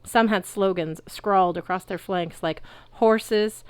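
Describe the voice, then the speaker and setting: A woman reading a novel aloud in a lively way, belting out the characters' shouts. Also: fairly low pitch, moderate pace, smooth, no echo. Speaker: audiobook reader.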